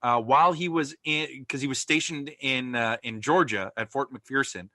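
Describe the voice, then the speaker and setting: A man co-hosts a podcast, trading playful, jokey banter in a casual chat. His mid-range voice is bright and forceful at a normal speed. The recording is dry, with a clean studio sound.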